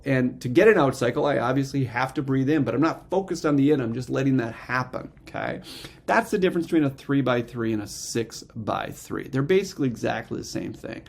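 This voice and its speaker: In a casual instructional talk, a man with a mid-range voice and vocal fry teaches a gratitude and meditation breathing practice. He explains it step by step and frequently checks in with "okay?".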